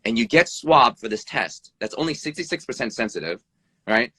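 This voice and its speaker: A man who works as an emergency room doctor, talking bluntly over a live video stream, swearing freely, his pitch jumping up and down, and tagging "right?" onto his points. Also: normal speed, husky, no echo. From United States. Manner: animated, pitch jumps up and down. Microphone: phone or video call mic.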